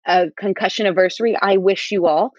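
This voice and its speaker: A woman's voice: medium pitch, fairly even intonation, fast talker, darkish tone, no echo, highs cut off. Earnest, encouraging woman podcast co-host. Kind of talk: casual podcast chat.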